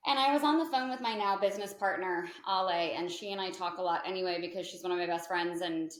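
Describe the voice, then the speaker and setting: A woman's voice: on the low side, quick pace. A woman in her thirties, a podcast guest, telling a story in a chatty way, full of "like" and acted-out quotes. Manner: chatty, peppered with "like" and lively quoted asides. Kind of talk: casual storytelling in an interview. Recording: echoey room.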